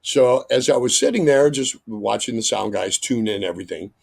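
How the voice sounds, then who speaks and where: A middle-aged man, a radio host, telling an animated story as a guest and breaking into loud acted-out exclamations. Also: medium pitch, normal speed, creaky.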